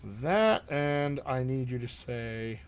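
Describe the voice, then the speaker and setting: A man's voice: medium pitch, animated, slow pace, clear, resonant tone. A middle-aged man teaching as a dialect coach in a live-streamed accent class, talking in an enthusiastic, conversational way with frequent asides.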